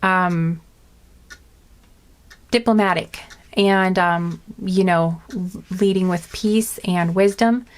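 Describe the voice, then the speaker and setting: A woman's voice: lowish voice, steady tone, takes it slowly, pauses often. A woman giving a casual tarot reading to her viewers, rambling and heartfelt with many fillers. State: tearful, emotional. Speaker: tarot reader.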